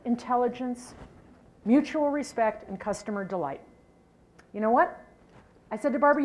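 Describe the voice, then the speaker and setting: Animated woman telling a story on stage. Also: on the high side. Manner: animated, addresses the audience with questions. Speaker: keynote speaker. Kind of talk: storytelling keynote talk.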